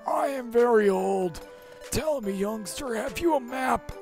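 A player voicing a very old, kindly hot-spring creature that speaks in a slow, formal, grandfatherly way in a fan dub of a game. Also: mid-range voice, animated, creaky, darkish tone, soft background music, pitched above the performer's own voice.

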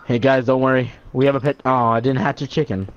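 A man's voice: medium pitch, steady tone, fast, muffled recording. A young man chatting casually while playing a multiplayer game, jokey, teasing and swearing often. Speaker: gamer.

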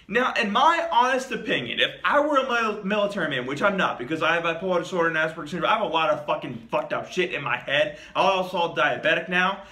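Bright-voiced man swearing through a game review. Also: high voice, echoey room. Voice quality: profane, rambling. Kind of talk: casual video review.

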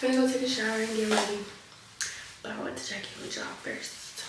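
A woman's voice: fairly high pitch, fairly even intonation, fast talker. Chatty young woman. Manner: chatty, rambling, slangy. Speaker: vlogger. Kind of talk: casual vlog chat.

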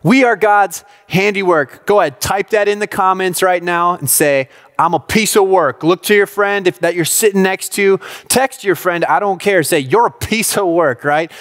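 Storytelling youth pastor, higher male voice. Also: moderate pace, few pauses. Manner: storytelling with animated self-quotes and direct appeals. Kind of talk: sermon.

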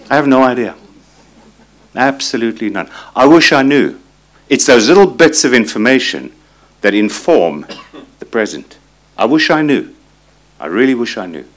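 A man in his sixties speaks at a conference with a voice of ordinary pitch for a man. He tells personal stories in a reflective way and reads quotations aloud. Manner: reflective, personal storytelling with quoted readings. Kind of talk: conference talk. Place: conference hall.

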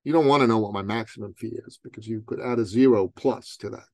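A man quoting a blunt, unflinching male business coach in a quiet, flat delivery. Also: fairly low pitch, fast, vocal fry, no room sound. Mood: stern.

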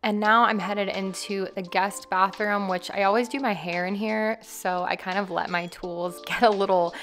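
A young woman chatting casually to her viewers at home as a lifestyle vlogger, relaxed and full of "like" fillers. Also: mid-range voice, normal speed. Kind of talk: casual chat. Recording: steady background noise.

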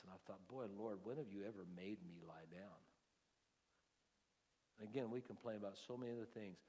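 A male pastor preaching a sermon. His volume swings from hushed asides to loud, emphatic lines, and he often repeats and restarts his words. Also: on the low side. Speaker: lead pastor. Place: church sanctuary. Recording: long hall reverb.

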